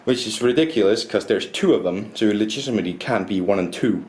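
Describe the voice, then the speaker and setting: Male board game reviewer from Denmark, lowish voice, rambling casual delivery, echoey room, faint hum behind. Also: fast talker, darkish tone. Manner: rambling, self-correcting, repeats words. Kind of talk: casual review with rules walkthrough.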